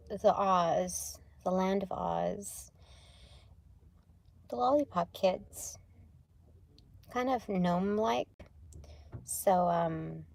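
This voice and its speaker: A woman's voice: mid-range voice, gravelly, darkish tone, no echo. A young adult woman chatting casually on a spiritual livestream, rambling, laughing often and swearing lightly as she reads tarot cards.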